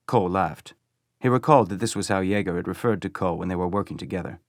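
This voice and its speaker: A man narrating an audiobook with a steady, even delivery. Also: low-pitched, fast, no echo, clean studio sound. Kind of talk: audiobook reading.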